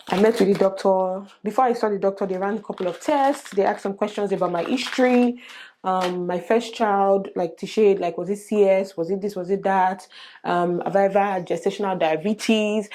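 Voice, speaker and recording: A woman, casually retelling a personal story to her viewers in an animated way. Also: mid-range voice. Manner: animated, retells conversations with laughs and Nigerian slang. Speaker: vlogger.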